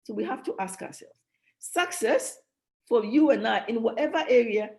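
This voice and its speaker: A woman teaches a leadership session at a church in a mellow, warm voice. She speaks emphatically, hammers home key phrases by repeating them, and often restarts mid-sentence. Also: fairly high pitch, expressive, moderate pace, vocal fry. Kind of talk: motivational teaching talk.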